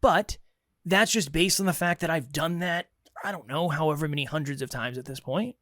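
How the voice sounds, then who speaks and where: Animated man telling stories on a podcast. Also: fairly high pitch, brisk, no room sound, studio quality. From Massachusetts. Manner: animated storyteller, acts out quoted dialogue. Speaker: podcast co-host. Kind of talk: casual chat, storytelling.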